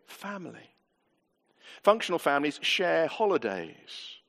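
A man's voice: a little high, very animated, a little slow, creaky, a bit bright. A man preaching a sermon to a church gathering, earnest and conversational, often asking the congregation rhetorical questions. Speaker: pastor. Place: church hall. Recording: long hall reverb.

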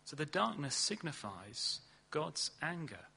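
A man preaching a sermon in earnest, leaning hard on key words and then dropping low and slow. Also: sing-song, gravelly, bright, forceful tone, slightly rough. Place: church hall.

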